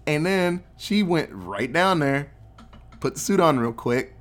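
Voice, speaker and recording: A man's voice: a little high, measured pace. A man casually recapping a movie plot, acting out the characters' lines and swearing freely. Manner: animated storyteller acting out quotes, swears freely.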